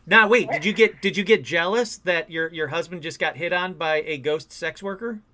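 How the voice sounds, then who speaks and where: An enthusiastic podcast host takes listener calls and reacts with loud surprise. He talks in a casual, excitable way. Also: fairly high pitch, moderate pace. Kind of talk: casual call-in show chat.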